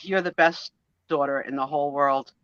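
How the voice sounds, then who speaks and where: A woman in her sixties chatting casually on a live stream, an animated storyteller who acts out the voices in her stories. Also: low-pitched, normal speed, dry recording, muffled recording. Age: 60s. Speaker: co-host of a live sale and chat stream. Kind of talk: casual chat.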